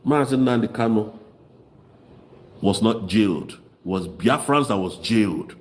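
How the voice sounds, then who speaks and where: A man's voice: on the low side, animated, measured pace, darkish tone. A man with a Nigerian Igbo accent giving fiery, mocking political commentary. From southeast Nigeria. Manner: mocking, impassioned, switches into Igbo.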